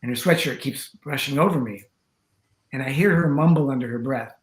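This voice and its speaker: A man with a mid-pitched voice tells a long personal story in a loose, rambling way. He keeps dropping in "you know" and acts out little snatches of dialogue. The recording sounds roomy, with a noticeable echo around him. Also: fairly quick. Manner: chatty and rambling, full of "you know" and acted-out quotes. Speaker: tantra teacher, interview guest. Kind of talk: storytelling in a conversation.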